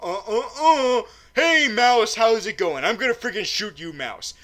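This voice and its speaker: A cocky male super-spy played by a man with a bright, high voice. He stays smug and blunt and stammers through his lines. It is parody for a comic movie recap. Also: lively intonation, a little slow, full character voice.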